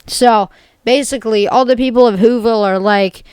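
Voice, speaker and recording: Woman, rambling comic storytelling, smooth clear voice, dry close sound. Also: a little high, moderate pace, a little mellow, dry recording. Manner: rambling, jokey, full of "basically" and "like". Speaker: video creator.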